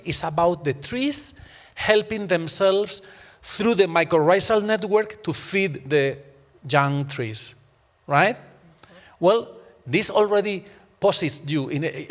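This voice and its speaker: A man's voice: a little high, fairly bright tone, big-room sound. A man in an academic panel discussion, arguing emphatically and using many rhetorical questions.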